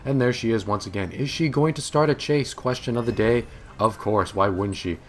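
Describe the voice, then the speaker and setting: A man's voice: medium pitch, normal speed, slight background noise. A young man giving amused, sarcastic voice-over commentary on his own video game match, recorded in a home office. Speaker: gaming commentator.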